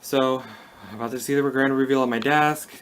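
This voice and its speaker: A man's voice: medium pitch, steady tone, a little fast, fairly bright tone, a little hiss or hum, low-quality recording. A young man casually vlogging a home project in his bedroom, rambling and often restarting his sentences.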